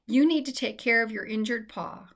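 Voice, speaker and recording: A woman's voice: fairly high pitch, moderate pace, fairly bright tone. A woman voicing a sweet young female mouse who is homesick and often tearful, with pleading cries. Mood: gentle.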